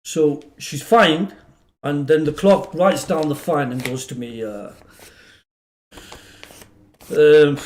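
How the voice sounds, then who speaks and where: A middle-aged man from England, a lawyer guest on a podcast, telling funny anecdotes with a laugh and lively quoted voices. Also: on the high side, takes it slowly, pauses often, reverberant.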